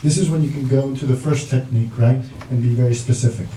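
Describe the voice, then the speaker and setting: A man's voice: medium pitch, steady tone, fast, mellow. A man presenting a parenting workshop, talking with his audience and acting out the lines of parents and children. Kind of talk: interactive workshop talk. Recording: echoey room, mic at a distance, background noise.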